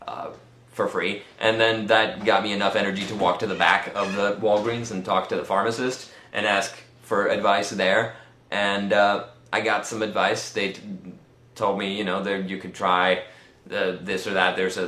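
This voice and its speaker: A man's voice: low voice, fairly even intonation, normal speed, bright, forceful tone, roomy sound. A tired man telling a rambling personal story in a casual way, repeating words and using many fillers. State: tired, nauseous.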